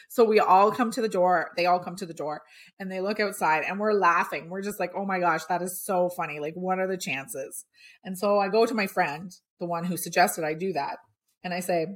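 A woman hosting a podcast, telling a personal story in a lively, animated way. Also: moderate pace. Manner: animated storytelling, acts out quotes with big pitch jumps. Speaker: podcast host.

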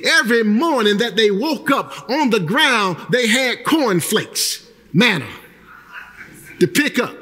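A male pastor preaching a sermon, breaking into shouted emphasis and acting out the people he quotes. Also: extremely high pitch, lively intonation, takes it slowly, big-room sound, faint music behind.

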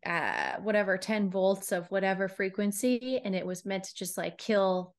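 A woman hosts a relaxed conversation. She talks loosely with frequent laughs, and her pitch sits in the middle range for a woman. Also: normal speed. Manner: chatty, laughs often. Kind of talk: casual chat.

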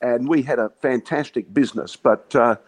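A man's voice: mid-range voice, normal speed, rough recording. An Australian man in his sixties from Western Australia, a former cricket captain swapping stories as a guest. He tells yarns with plenty of laughs and calls everyone mate. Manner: yarning storyteller, laughs often, says "mate". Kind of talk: casual chat.

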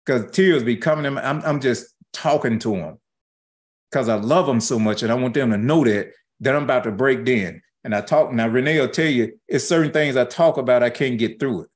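A middle-aged man preaching a sermon in a folksy, animated way, acting out quoted asides. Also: mid-range voice, fairly quick. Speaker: pastor.

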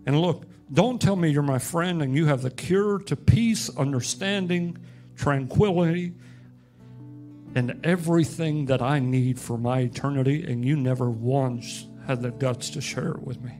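A man preaching a sermon as pastor, storytelling and rising to loud, emphatic peaks, with soft music behind. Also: mid-range voice, unhurried.

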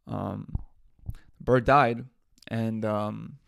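A man's voice: fairly low pitch, extremely slow, creaky, smooth. A man hosting a podcast, telling stories casually with plenty of swearing and bursts of laughter. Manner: profane, animated storytelling with laughs. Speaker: podcast host. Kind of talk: casual storytelling.

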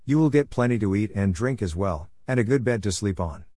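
A man's voice: fairly low pitch, animated, brisk, warm tone, no echo, studio quality. A man doing a commanding master of a house. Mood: businesslike.

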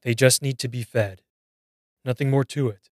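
A man voicing an older woman who scolds and keeps calling the listener dear, going from calm to shrill. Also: moderate pace, no room sound, studio quality, close to an everyday voice.

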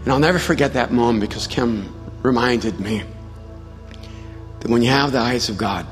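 Pastor telling a story in a reverberant hall. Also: male voice, mid-range voice, moderate pace. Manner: storytelling, self-mocking humor, then quiet prayerful appeal. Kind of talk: sermon. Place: large church hall. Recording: live church hall with long reverb and soft music.

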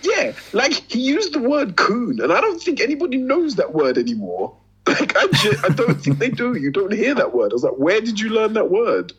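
A man talks loosely on a podcast, his pitch leaping around as he tells stories and swears freely. His voice is a little husky. The recording sounds dull and lo-fi. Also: normal speed. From Britain. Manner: animated, swearing, laughing storyteller. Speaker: podcast co-host. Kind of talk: casual chat.

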